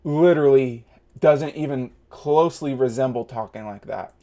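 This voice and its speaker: A man's voice: medium pitch, normal speed, dark tone. A man in his thirties hosting a reaction video, ranting in a heated, mocking way. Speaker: host. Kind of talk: reaction commentary.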